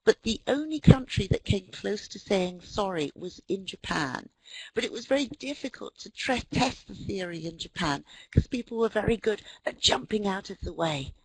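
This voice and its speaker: A middle-aged British woman, a webinar presenter and English teacher trainer, gives a wry, anecdotal lecture on language, saying "um" often. Her mid-range voice is expressive and slightly breathy at a moderate pace, captured with no echo but poor audio quality.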